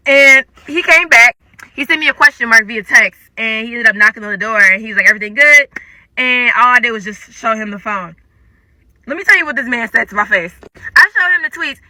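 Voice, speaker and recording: A young woman telling a personal story in a casual storytime, animated and dramatic, acting out the quotes. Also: a little high, no room sound. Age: young adult.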